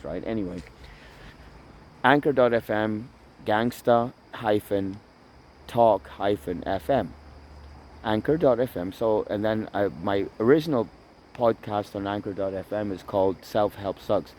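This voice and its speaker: A man's voice: fairly low pitch, a little mellow, slight background noise. A man talking casually to his phone camera while walking by water in a park, rambling, swearing and repeating himself. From Toronto area. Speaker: vlogger. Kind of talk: casual outdoor vlog monologue. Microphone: phone camera held by himself.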